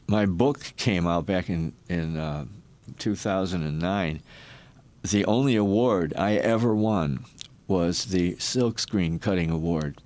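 Deep-voiced older man telling anecdotes. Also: slow, a little mellow. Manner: rambling anecdotes with restarts and acted quotes. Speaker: guest, former rock roadie and photographer. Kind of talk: storytelling in a podcast interview.

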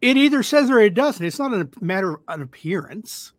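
A man's voice: sits high, big pitch swings, fairly quick, no echo. A man co-hosting a talk show, hesitant and thinking aloud, with many restarts. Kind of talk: casual discussion.

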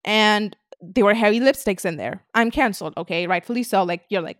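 A woman's voice: medium pitch, a little fast, no room sound. Young woman, podcast host, blunt casual rant, heavy swearing, dry close sound. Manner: blunt, swears a lot, animated.

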